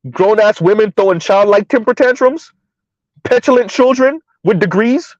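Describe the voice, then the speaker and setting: High voiced guy w/ ranting sarcastically, dry dull lo-fi sound. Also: moderate pace, no room sound. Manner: blunt, sarcastic, rambling with restarts. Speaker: commentary show host. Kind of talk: casual reaction commentary.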